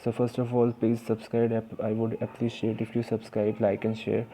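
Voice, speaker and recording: Gravelly, dark-voiced young man teaching words. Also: on the low side, completely flat delivery, moderate pace, slight background noise. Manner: hesitant, many fillers and restarts. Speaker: vocabulary teacher. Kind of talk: casual vocabulary lesson.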